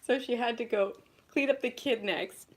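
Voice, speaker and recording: A woman's voice: fairly high pitch, moderate pace. Giggly woman chatting on a live stream. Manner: giggly, keeps breaking into laughter; chatty, rambling storyteller. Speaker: vlogger hosting a live chat. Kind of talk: casual live-stream chat. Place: at home, alone.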